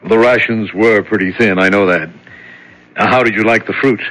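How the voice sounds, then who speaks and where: An actor playing a brisk, offhand prison guard in a 1970s radio drama. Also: male voice, fairly low pitch, steady tone, a bit bright, natural voice, low-quality recording.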